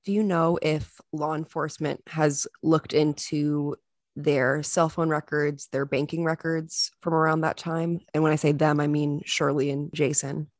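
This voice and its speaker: A woman hosts the interview, putting measured, probing questions to her guest. Her voice sits very low for a woman, and the sound is dry and close. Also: flat delivery, no room sound. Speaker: podcast host.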